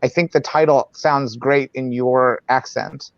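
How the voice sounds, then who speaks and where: A man hosting a talk show, grandly polite and deadpan. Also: mid-range voice, measured pace, no echo, lo-fi sound. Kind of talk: casual chat.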